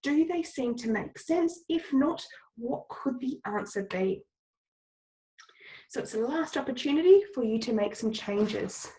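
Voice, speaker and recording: A woman's voice: high voice, animated, unhurried, dark tone, rough recording. A woman teacher with a cold, giving patient, step-by-step instructions in a recorded lesson and repeating the key points. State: has a cold, coughing.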